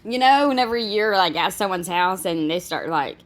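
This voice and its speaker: A woman's voice: fairly low pitch, lively intonation, moderate pace. Chatty woman reacting to a clip. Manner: chatty, exclaiming, laughing asides. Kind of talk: casual reaction commentary.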